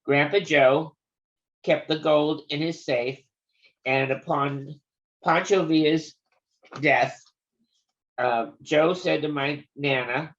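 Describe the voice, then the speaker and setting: A woman's voice: deep voice, fairly even intonation, takes it slowly, long pauses. An older woman reading a family story aloud in a wry, conversational manner. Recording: dull lo-fi recording.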